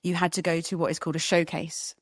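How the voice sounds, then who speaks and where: A woman guest chatting casually in an interview, an animated storyteller who laughs often. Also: lowish voice, fast, no room sound, studio quality. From England.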